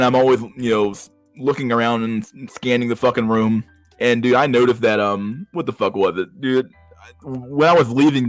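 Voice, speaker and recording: A man's voice: mid-range voice, no echo. A man streaming and reacting to chat messages in a blunt, profane way, often stumbling and repeating words. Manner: profane, blunt, restarts a lot. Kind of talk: casual livestream chat.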